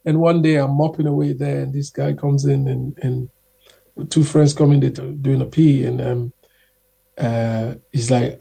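A young man telling stories in a casual, animated way as a guest, acting out the people he quotes. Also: medium pitch, moderate pace, vocal fry, husky. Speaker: guest singer. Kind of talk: casual storytelling.

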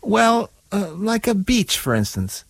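An actor playing a stubborn character in a story who questions and defies the narrator. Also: male voice, high-pitched, very animated, a little slow, gravelly, no room sound, exaggerated voice. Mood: cheeky. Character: cheeky defiant story character.

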